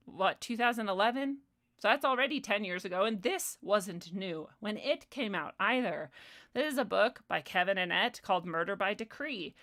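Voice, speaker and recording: A young woman talks straight to her stream audience in a heated, swearing rant. Her voice sits at a middle pitch, and she turns sarcastic between bursts of anger. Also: a bit bright. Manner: profane, heated ranting with sarcastic asides. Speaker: livestream host. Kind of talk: casual commentary monologue.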